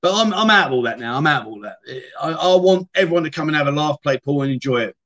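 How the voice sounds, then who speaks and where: A man's voice: a little high, lively intonation, fast talker, fairly bright tone, muffled recording. Chatty British man hosting a livestream. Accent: British English. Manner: chatty and self-deprecating, trails off and restarts. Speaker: livestream host. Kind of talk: casual livestream chat reading viewer comments. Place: home streaming room.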